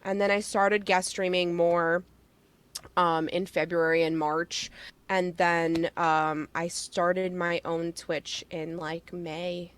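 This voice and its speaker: A woman talking as a podcast guest, chatty and full of fillers, with quick laughs. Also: lowish voice, flat delivery, clean tone. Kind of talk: casual interview chat.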